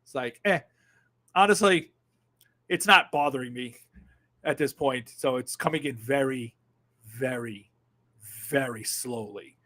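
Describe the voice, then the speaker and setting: Reading out viewer comments on his casual livestream, a host in his fifties is sardonic and animated, cursing freely as he shifts from mutters to loud outbursts. He speaks at a medium pitch, unhurried, with long pauses.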